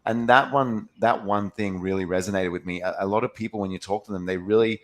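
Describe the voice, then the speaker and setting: A man speaks in a low, relaxed register on a video call. He is chatty and anecdotal, and he acts out quick impressions of the people in his stories. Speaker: podcast co-host. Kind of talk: casual chat.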